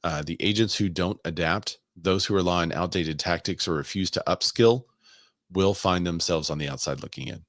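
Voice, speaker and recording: A man with a very low, deep voice hosts a relaxed talk show. He reads comments and articles aloud and breaks off into chatty asides. The sound is dry and close. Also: moderate pace, dry recording. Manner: conversational, laughs and asides while reading aloud. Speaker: podcast host. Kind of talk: casual chat reading comments and articles.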